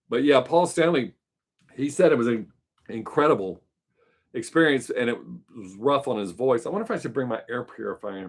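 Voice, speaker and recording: Rambling man with a mild Southern accent. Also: medium pitch. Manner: rambling, loose and chatty, with many fillers. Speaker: live-stream host. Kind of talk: casual chat answering viewers.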